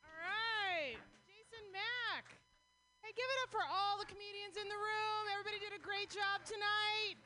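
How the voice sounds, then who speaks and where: A woman's voice: very high voice, steady tone, moderate pace, pushed and bright. A woman hosting a comedy night and telling a closing joke in an upbeat, chatty way. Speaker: comedy show host. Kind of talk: stand-up emcee. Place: comedy club stage.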